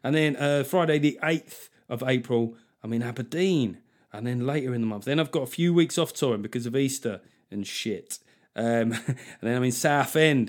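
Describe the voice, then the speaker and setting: Manc bloke ranting on his podcast, sarky, swears a lot, middle-pitched voice. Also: normal speed. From Manchester, England. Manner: animated ranting, swears freely, mocking put-on voices of critics. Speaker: podcast host and comedian. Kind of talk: solo podcast rant.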